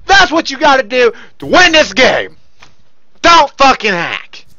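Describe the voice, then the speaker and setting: A man commentating his own gameplay, loud and profane, often yelling into a close desk mic. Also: extremely high pitch, wildly swooping pitch, unhurried, no room sound, dull audio.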